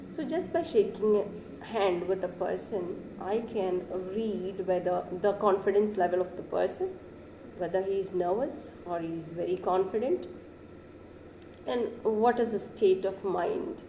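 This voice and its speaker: A woman giving a classroom lecture, who keeps saying "yes" and pushes her pitch up to stress words. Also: mellow, echoey room, slight background noise, poor audio.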